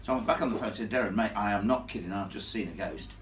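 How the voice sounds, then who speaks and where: A man telling a ghost story live to an audience in a chatty, animated way, laughing along with the crowd. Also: lowish voice, rapid-fire, slight background noise. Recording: echoey room, from far off.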